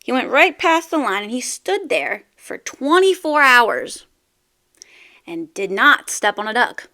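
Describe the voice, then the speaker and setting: Bright, upbeat woman podcast host. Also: fairly high pitch, a little slow. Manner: encouraging, animated storyteller. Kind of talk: upbeat motivational talk and joke-telling.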